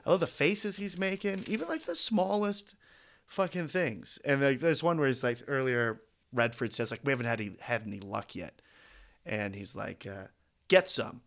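A man co-hosting a podcast, talking casually and excitedly about a film, laughing often and swearing now and then. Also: mid-range voice, normal speed, gravelly. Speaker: podcast co-host.

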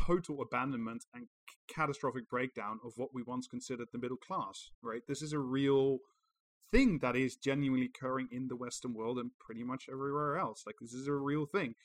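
Guy reading some article out loud on a podcast, sarcastic, cursing. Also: mid-range voice, steady tone, brisk, dry recording, poor audio. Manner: sarcastic, swears freely. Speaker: podcast co-host. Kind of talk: reading an article aloud with commentary.

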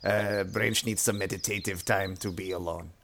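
Gentle, halting goblin for a tabletop role-play, voiced by a man: gravelly, bright, speaks of himself in the third person. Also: deep voice, fairly even intonation, slight background noise. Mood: hesitant. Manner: hesitant, halting, full of ums.

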